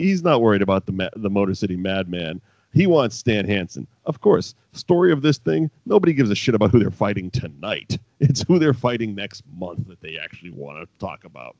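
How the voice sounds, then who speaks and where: On a dull, dry, lo-fi recording with no echo, a male podcast co-host rambles through a laid-back recap of old wrestling. He swears freely and drops laughing asides, speaking at a medium pitch with a slightly mellow quality.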